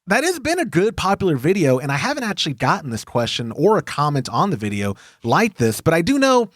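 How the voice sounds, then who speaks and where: A man's voice: a little high, brisk, no echo, studio quality. A man from Texas with a Texan accent, hosting a casual homebrew podcast, joking and reading listener emails aloud. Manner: lively, jokey, reads listener emails aloud. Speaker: podcast host.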